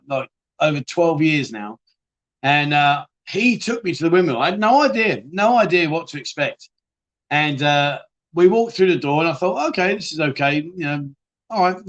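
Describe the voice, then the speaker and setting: High-voiced, chatty man. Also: fairly bright tone. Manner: rambling, jokey, chuckling, calls viewers mate. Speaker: live chat show host. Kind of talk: casual live-stream chat reading viewer comments.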